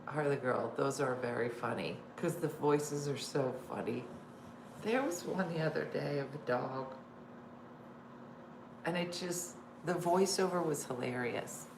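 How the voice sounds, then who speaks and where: A woman's voice: rumbling low, measured pace, creaky, reverberant, background noise. A middle-aged woman hosting a casual live stream, chatty and laughing, reading viewer comments aloud. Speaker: host.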